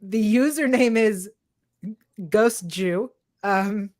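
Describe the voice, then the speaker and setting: A woman's voice: mid-range voice, very slow, a little mellow. A woman co-hosting a podcast in casual chat, dry and offhand, with casual swearing. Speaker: podcast co-host.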